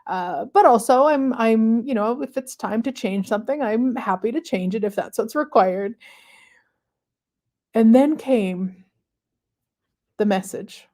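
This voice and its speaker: A woman hosting a live stream, talking casually and reflectively to viewers with many pauses and fillers. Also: on the high side, warm tone. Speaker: host of a manifestation livestream.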